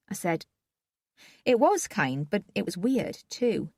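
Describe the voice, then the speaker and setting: A woman's voice: mid-range voice, very animated, slow pace, gravelly, no room sound, studio quality. A woman reading a first-person audiobook in a subdued, wry manner. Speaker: audiobook narrator.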